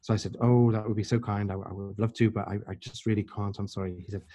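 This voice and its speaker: A man speaks as an interview guest, his voice low and dark. He tells his story earnestly and with animation. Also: fast talker, hardly any pauses. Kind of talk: storytelling in conversation.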